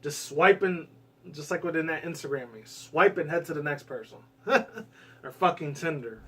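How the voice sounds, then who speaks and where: In loose, rambling gaming commentary, a man with a US West Coast accent curses frequently and gets suddenly excited. He speaks a little high, positioned far from the mic.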